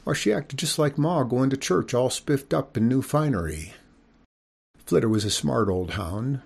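A man's voice: mid-range voice, lively intonation, unhurried, vocal fry, a little mellow, soft background music. A man reading a storybook aloud in the first person as a farm boy, with folksy rural speech. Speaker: audiobook reader.

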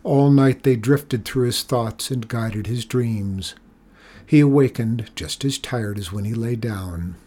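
A man reading a children's storybook aloud in a steady, measured way. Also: medium pitch. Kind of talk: storybook read-aloud narration.

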